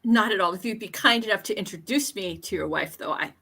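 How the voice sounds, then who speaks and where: Woman playing an effusive English gentleman botanist. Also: mid-range voice, fast, vocal fry, slightly rough, exaggerated voice. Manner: flowery and effusive. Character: genteel older English male botanist, effusive. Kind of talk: tabletop role-play.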